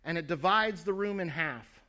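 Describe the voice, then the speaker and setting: A patient, apologetic male gatekeeper speaks in a slightly higher voice, as a preacher acts him out. He explains things in a matter-of-fact way and gently corrects the listener. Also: normal speed. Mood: explaining.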